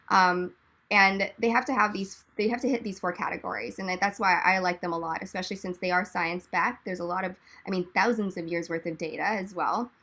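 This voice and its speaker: Woman panelist on a video call, founder type, animated and chatty, rambles with jokey asides, voice crisp and bright. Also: on the low side. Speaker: panelist, drink company founder. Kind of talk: casual explanatory chat.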